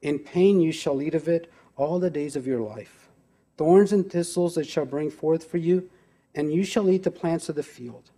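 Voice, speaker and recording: Preaching pastor with a mellow voice. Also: male voice, on the high side, normal speed, husky. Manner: preaching with emphatic rhetorical questions. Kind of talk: sermon. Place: church.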